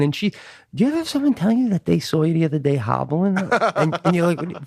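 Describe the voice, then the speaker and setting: Animated man telling a comic story. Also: on the high side, fairly quick, gravelly, slightly rough, no room sound, studio quality. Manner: animated, swears freely, acts out quoted voices. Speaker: podcast co-host. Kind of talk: casual comedic storytelling.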